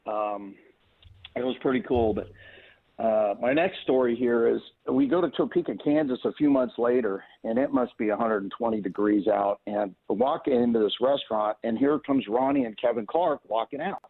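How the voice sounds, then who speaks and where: A man's voice: mid-range voice, lively intonation, normal speed, creaky. A man who owns a race car, telling rambling stories in a casual way, full of restarts and filler phrases. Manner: rambling, lots of "you know" and restarts. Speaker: race car owner, guest. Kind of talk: casual anecdotal storytelling. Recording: tinny phone line.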